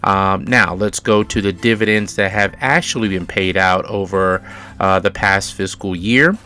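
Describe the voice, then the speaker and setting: A man's voice: deep voice, steady tone, bright, forceful tone. A middle-aged man hosting a dividend investing channel, walking through figures in a casual explainer and stressing key words again and again. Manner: slow and deliberate, repeats key words for emphasis. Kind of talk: casual explainer over spreadsheets.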